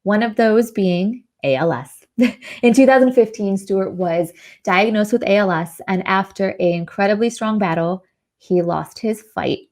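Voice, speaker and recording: A woman hosting a charity livestream talks in a warm, effusive rush. She sounds mid-pitched and eager, with plenty of laughter. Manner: effusive, gushing, laughs often. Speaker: host.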